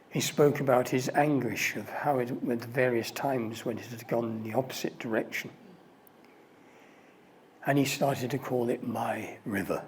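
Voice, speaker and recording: An older man speaking as a mentor and relaxed, conversational storyteller. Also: medium pitch, slight background noise. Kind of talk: storytelling talk.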